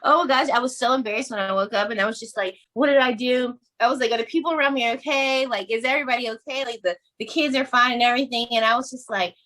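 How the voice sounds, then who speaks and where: A woman with a bright, forceful voice tells a story on a podcast in casual chat. She is animated, frank and bawdy. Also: on the high side, rapid-fire, few pauses. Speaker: podcast guest.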